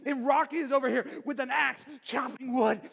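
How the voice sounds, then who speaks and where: Pastor, man, 40s, very high voice; playful crowd-work sermon, heavy hall reverb. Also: steady tone, moderate pace, vocal fry, fairly bright tone. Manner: joking, quizzes the crowd, laughs often. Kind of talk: humorous sermon intro. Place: large church auditorium. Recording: long reverb of a church hall.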